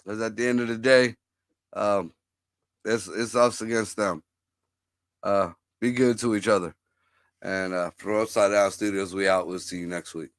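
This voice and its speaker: A man's voice: lowish voice, steady tone, normal speed, long pauses, no room sound, clean studio sound. A man hosting a casual livestream chat, talking bluntly and profanely as he riffs. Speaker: host.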